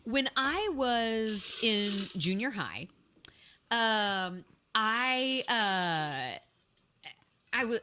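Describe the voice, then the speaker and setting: A woman's voice: on the high side, lively intonation, drawn-out words, bright, forceful tone, slight background noise. A woman who is a podcast guest, telling rambling stories in casual chat and laughing often.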